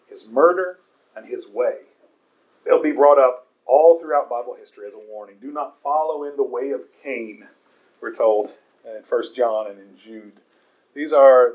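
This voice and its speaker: A man preaching a sermon, explaining a Bible passage in an earnest, emphatic way with pauses and the odd chuckle. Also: mid-range voice. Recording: dull lo-fi recording.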